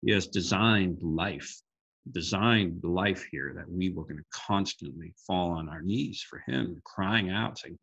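A man with a very low voice speaks earnestly about faith, quoting scripture and often restarting his sentences. His voice is gravelly and husky. The sound is a little dull, as if it comes over a call. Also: a little slow, fairly bright tone. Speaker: guest speaker sharing a devotional. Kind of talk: reflective faith talk. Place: group call.

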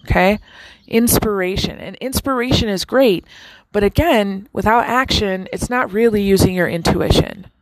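A woman hosting a casual spiritual talk, chatty and animated, with many fillers and restarts. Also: mid-range voice, moderate pace, a little hiss or hum, poor audio. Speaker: podcast host.

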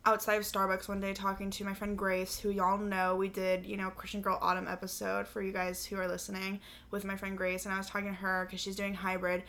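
Young woman podcast host, bright, playful, quick with jokes. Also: mid-range voice. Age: young adult. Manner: playful, animated, jokey asides. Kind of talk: casual chat.

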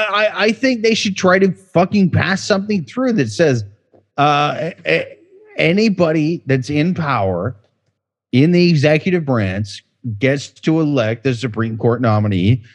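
A man co-hosting a podcast while drunk, his words slurring together. His voice sits high and swings widely in pitch, and he speaks slowly. He swears freely and stumbles over restarts as he rambles. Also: expressive. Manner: profane, rambling, stammers through restarts. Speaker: podcast co-host. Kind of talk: casual comedic podcast chat.

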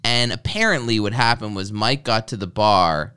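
A young man, telling a crude story in an animated, profane, joking way. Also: lowish voice, normal speed, clean tone. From Canada. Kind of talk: casual crude storytelling chat.

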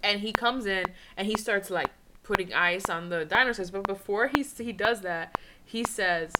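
Laughing woman co-host, noisy track. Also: mid-range voice. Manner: laughing, quick agreeing interjections. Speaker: podcast co-host. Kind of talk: casual movie chat.

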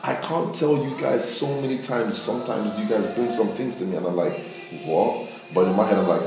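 Here the preacher's voice is on the low side and fairly quick as he talks to his flock in an animated, conversational way, performing quotes aloud. Music plays in the background of a very echoey room, and he's positioned far from the microphone.

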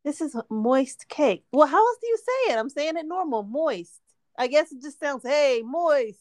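High-voiced woman in playful chat. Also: very animated, moderate pace, a little mellow, no room sound. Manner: laughs often, playful teasing. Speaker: podcast co-host. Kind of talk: casual chat.

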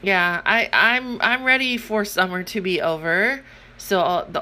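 Thirty-something woman podcaster, slightly low voice, animated, profane storytelling rant. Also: measured pace, a little hiss or hum. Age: 30s. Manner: animated storytelling, acting out voices, swearing freely. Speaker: podcast host. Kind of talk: casual solo podcast rant.

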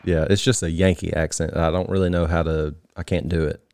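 A man's voice: low-pitched, flat delivery, fairly quick, a little mellow, a little hiss or hum. A man co-hosting a podcast, telling a story in an easygoing casual chat with a neutral way of talking. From upstate New York. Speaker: podcast co-host.

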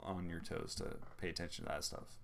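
A man's voice: low-pitched, little pitch movement, fairly quick, creaky, a little hiss or hum. A man in his thirties, a podcast co-host, telling rambling family anecdotes in casual chat and acting out the quotes.

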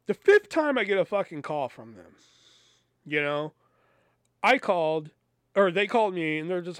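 A man with a fairly high voice tells a casual story as a podcast host. He rambles, swears freely and acts out the people he quotes. The recording is dry and close, with no room sound. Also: sing-song, normal speed, pauses often, no room sound.

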